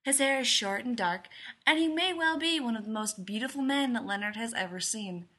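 Female story reader, bright, slightly high voice, lively and expressive. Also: a little fast. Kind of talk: reading a story aloud.

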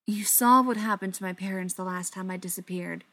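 An upset teenage boy, held captive and desperate to go home, as a woman reading the story gives him voice. He pleads and snaps in a plain, mid-pitched voice with little put-on change. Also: a little fast, bright, forceful tone. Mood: pleading. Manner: pleading, then snapping.

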